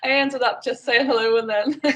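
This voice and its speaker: A woman's voice: a little high, a bit bright. A middle-aged woman with an Ulster accent, chatting as a guest author in a casual interview. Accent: Northern Irish, Ulster. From Northern Ireland.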